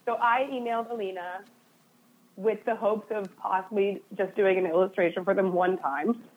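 A woman's voice: mid-range voice, fairly even intonation, normal speed. Chatty woman guest, lots of "like", self-deprecating, sounds like a phone line. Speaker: interview guest, illustrator. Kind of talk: casual conversation.

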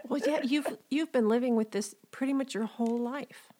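A woman hosting an interview, asking questions and reading short explanations in a measured, calm way. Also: on the high side. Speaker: interviewer host.

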